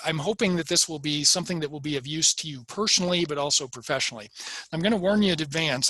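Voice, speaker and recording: A man's voice: fairly high pitch, sharp tone, no echo. A man from Nebraska giving a friendly webinar presentation over a video call, self-deprecating and guiding listeners through a breathing exercise. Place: home or office on a video call.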